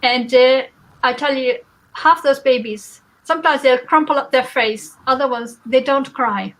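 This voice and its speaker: A woman's voice: high voice, steady tone, normal speed, fairly bright tone, rough recording. A woman who is a guest speaker giving a spiritual talk. She talks in a conversational way and explains her points with everyday examples.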